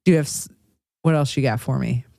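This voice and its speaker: An American woman hosting a podcast, chatting casually with crude jokes and quick laughter. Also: a bass voice, gravelly, dark tone, dry recording, clean studio sound. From United States. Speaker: podcast host. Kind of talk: casual chat.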